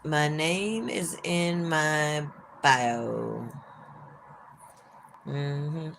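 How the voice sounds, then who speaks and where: A woman's voice: low-pitched, extremely slow, gravelly, fairly bright tone, a little hiss or hum. A woman from Minnesota with a Minnesotan accent, chatting casually and sarcastically with viewers on a home livestream. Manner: chatty, sarcastic, frank with swearing. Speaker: livestream host. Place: at home by an open window.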